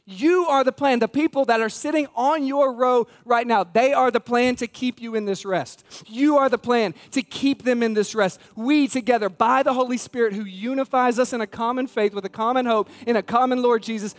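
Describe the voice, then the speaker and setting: In a church sanctuary, a male pastor preaches a sermon to his congregation, addressing them directly in an earnest, emphatic way and repeating key words. His voice is very high and a little fast, with hardly any pauses.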